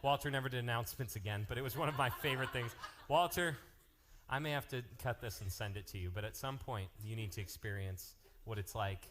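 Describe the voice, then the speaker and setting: A man working as a youth pastor, making lively, joking announcements and telling stories to a live youth group. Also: medium pitch, brisk, a little hiss or hum. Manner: energetic, joking, jumps between topics.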